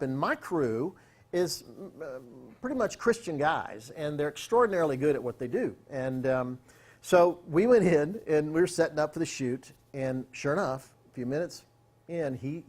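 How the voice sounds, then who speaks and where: A man speaking to an audience, recounting a story with energy and often slipping into the voices of the people in it. His voice sits a little high for a man. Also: moderate pace. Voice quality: animated, acts out quotes. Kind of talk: storytelling talk.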